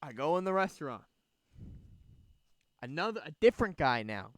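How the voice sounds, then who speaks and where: A man's voice: on the high side, normal speed, no echo. A young man hosting a podcast, telling a rambling, profane story in casual chat outdoors. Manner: rambling, profane, animated retelling. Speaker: podcast host. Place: outdoors by a bonfire. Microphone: podcast microphone.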